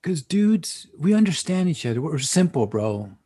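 A man's voice: fairly high pitch, very animated, normal speed, dark tone, husky. A man co-hosting a podcast in laid-back, slangy casual chat, dropping in Spanish words.

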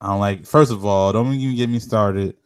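A man's voice: on the low side, fairly quick, smooth, dry recording, studio quality. A young man in casual chat, ranting and telling stories with lots of slang and swearing.

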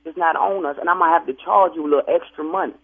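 A man with a husky, high voice answers in quick, exasperated bursts over a thin phone line. He keeps insisting on calm while defending himself. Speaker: funeral home worker. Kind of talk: comedic phone argument.

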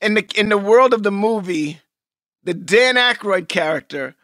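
A man co-hosting a podcast in casual chat, loud and animated, laughing often. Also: sits high, moderate pace, no room sound, clean studio sound. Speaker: podcast co-host.

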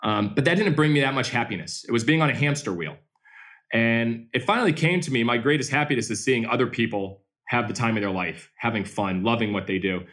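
A man with a mid-range voice who tells stories with lots of energy, his pitch jumping up when he gets excited. He answers an interviewer's questions about running his team in a lively, upbeat way. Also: a little fast. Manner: energetic, animated storyteller. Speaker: baseball team owner.

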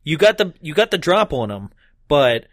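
A man's voice: fairly high pitch, moderate pace, no echo, studio quality. A man co-hosting a casual podcast chat about a horror movie, laughing often and acting out scenes. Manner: animated, laughing, acts out scenes. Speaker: podcast co-host.

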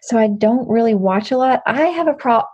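A woman's voice: fairly high pitch, expressive, moderate pace, darkish tone, slightly rough, highs cut off. A woman speaking as an interview guest in a casual, candid chat, rambling with frequent restarts. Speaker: guest, social media creator.

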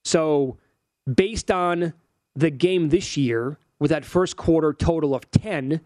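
A man's voice: on the high side, takes it slowly, darkish tone, no room sound. A man in his forties, co-hosting a sports betting show and working through odds and stats in casual chat. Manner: analytical, rattles off odds and stats.

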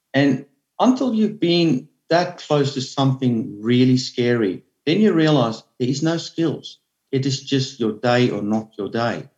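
Man, guest diver, earnest halting storytelling, repeats words, muffled lo-fi sound. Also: mid-range voice, a little mellow. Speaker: guest, veteran spearfisherman. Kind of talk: emotional storytelling.

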